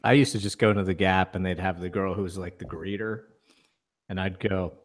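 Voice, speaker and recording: Dude co-hosting a podcast, kinda low voice, wry and self-deprecating. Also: male voice, steady tone, fairly quick. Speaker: podcast co-host. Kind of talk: casual chat.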